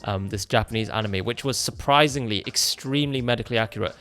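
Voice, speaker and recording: A man's voice: on the low side, quick pace, hardly any pauses, fairly bright tone. A British man in his late twenties, a doctor, reacting to an old cartoon with jokes and dry sarcasm. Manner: jokey, sarcastic, upbeat. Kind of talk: casual reaction commentary. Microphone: USB dynamic mic.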